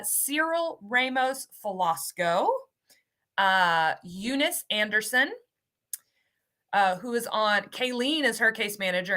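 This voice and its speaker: A woman hosting a live webinar as an ESL program coordinator sounds upbeat and cheery while announcing giveaway winners and tripping over their names. Her voice is on the high side, pushed and bright.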